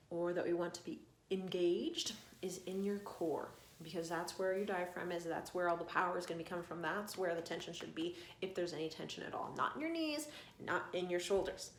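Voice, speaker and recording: Woman, singing coach, vocal warm-up lesson, calm coaxing delivery, echoey room, faint hiss. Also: lowish voice. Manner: calm, coaxing instructions with long vocal slides.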